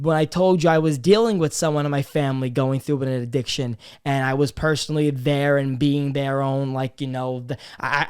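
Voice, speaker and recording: A man in his twenties hosting a casual confessional vlog, crude and swearing, swinging from loud joking greetings to quiet serious talk. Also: on the high side, clean tone. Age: 20s. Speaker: podcast host.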